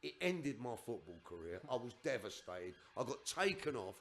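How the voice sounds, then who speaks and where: A man's voice: medium pitch, sing-song, normal speed, few pauses. An older man on a podcast, telling a personal story in an emphatic, rambling way with restarts and asides. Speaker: podcast guest.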